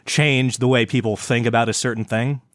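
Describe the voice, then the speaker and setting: A man's voice: mid-range voice, fairly even intonation, brisk, fairly bright tone, no room sound, clean studio sound. A young man co-hosting a casual podcast, rambling and stammering, swearing often. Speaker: podcast co-host. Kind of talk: casual chat.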